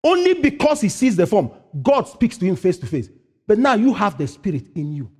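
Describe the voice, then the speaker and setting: A male pastor delivers a sermon, posing questions to the congregation and answering them himself while swinging between loud, high-pitched preaching and quiet asides. His delivery is brisk and sing-song, with a husky edge.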